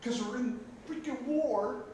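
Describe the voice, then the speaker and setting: Man, middle-aged, football coach, motivational speech, loud-to-hushed storytelling, distant mic, heavy echo. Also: very high voice, measured pace. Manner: animated storytelling, swinging from loud bursts to hushed lines. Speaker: football coach and guest speaker. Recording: echoey, distant mic, noisy.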